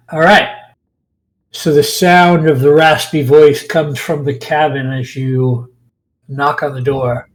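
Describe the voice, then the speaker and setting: A man narrating a tabletop game as dungeon master, relaxed and pausing often with fillers. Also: fairly high pitch, low-quality recording.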